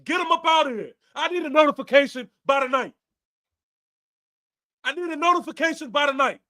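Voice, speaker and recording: A man's voice: very high voice, a little fast, bright, forceful tone. A man hosting a live fan stream, ranting after a game with profanity and lots of repetition. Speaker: fan podcast host.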